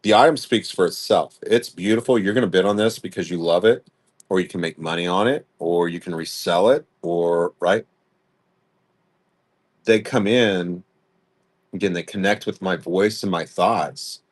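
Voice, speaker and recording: A young adult man with a low voice hosts a live-stream jewelry sale at a moderate pace. He talks bluntly and casually, laughing often.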